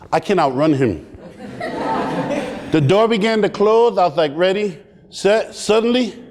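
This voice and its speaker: A man giving a comedic motivational talk at a community summit, animated and playful as he acts out scenes. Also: high voice. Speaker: keynote speaker. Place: large hall at a community summit. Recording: long hall reverb.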